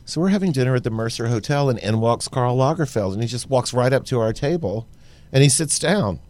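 Animated storytelling Texan man host. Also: mid-range voice, brisk. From Baytown, Texas. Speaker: podcast host. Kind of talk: casual storytelling chat.

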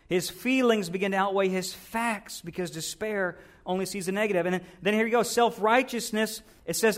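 Guy preaching, high voice, animated, acts out little voices. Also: moderate pace. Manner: animated preaching, acting out voices of people and God. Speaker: pastor. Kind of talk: sermon.

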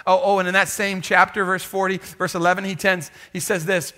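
A man preaching a sermon in an animated, lively way, often calling out to the congregation for a response. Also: high voice, fairly quick, hardly any pauses. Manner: animated, calls for audience response. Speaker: pastor.

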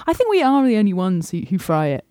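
An English woman co-hosting a food podcast, chatting casually and rising high in pitch when she gets indignant. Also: big pitch swings, fast, warm tone, no echo, clean studio sound. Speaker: podcast co-host. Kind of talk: casual chat.

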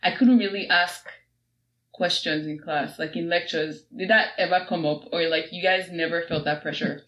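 A woman's voice: fairly low pitch, fairly even intonation, a bit bright, lo-fi sound. Young Nigerian woman hosting a chat. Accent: Nigerian English. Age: young adult. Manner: probing questions, quick interjections. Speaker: podcast host. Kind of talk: casual group chat. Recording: roomy.

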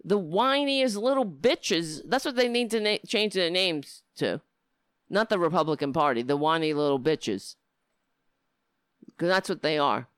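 Middle-aged livestream host, heated profane rant, smooth voice, dry close sound. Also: medium pitch, expressive, unhurried, a bit bright, dry recording. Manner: heated, profane political ranting. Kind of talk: casual livestream talk.

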